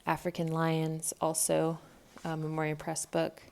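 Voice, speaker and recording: Woman, 30s, homeschool vlogger, casual chat, lots of ums, lowish gravelly voice, faint background hiss. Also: monotone, a little slow, darkish tone. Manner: chatty, thinking aloud with frequent ums. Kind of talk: casual unboxing narration. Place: home, by a table with a tripod camera. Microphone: camera mic on a tripod.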